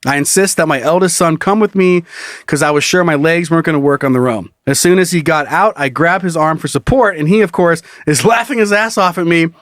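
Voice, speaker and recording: Podcast guy reading a listener story, keeps cracking up, higher voice, dry close mic. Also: a little fast, fairly bright tone, no room sound. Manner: laughs often while reading. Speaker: podcast co-host. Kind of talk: reading a listener story aloud, casual chat.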